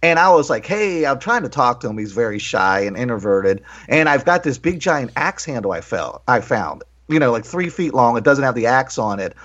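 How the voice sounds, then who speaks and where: A man co-hosting a casual talk show, telling stories with animated, profane asides and acted-out quotes. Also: mid-range voice, brisk, hardly any pauses. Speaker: podcast co-host. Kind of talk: casual storytelling chat. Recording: dull lo-fi sound.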